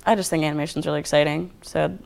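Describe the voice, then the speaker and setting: A man's voice: a little high, steady tone, racing, creaky. A young man, a guest artist, chatting casually on a podcast, laid-back and rambling with lots of fillers. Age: young adult. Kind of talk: casual chat.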